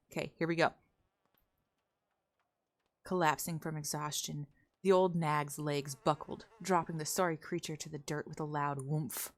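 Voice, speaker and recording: A woman streaming a roleplay game, chatting casually and reading a story aloud in a relaxed, conversational way. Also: sits low.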